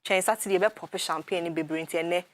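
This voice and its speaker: Ghanaian lady tv host, chatty and quick, low voice, dead dry studio sound. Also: no echo. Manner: lively, mixes Twi and English, quick asides. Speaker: TV talk show host. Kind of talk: studio talk show chat.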